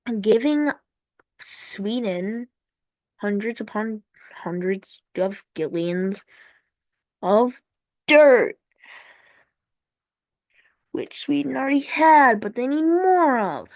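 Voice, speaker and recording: A woman narrates over a map in a loose, joking way, wandering off into silly asides and sing-song repetition. Her voice sits a little high, and she talks slowly with drawn-out words. The sound is dry, with no room echo. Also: animated, highs cut off. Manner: playful, rambling, jokey asides. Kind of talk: casual commentary over a map.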